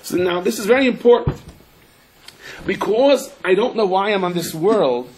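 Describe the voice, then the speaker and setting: A man's voice: animated, moderate pace, darkish tone, a little hiss or hum, low-quality recording. A man teaching a Torah class. He tells stories animatedly, mixes in Hebrew and Yiddish terms, and acts out the people he quotes. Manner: voices quoted people in a raised pitch. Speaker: rabbi giving a Torah class. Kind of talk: storytelling Torah lecture.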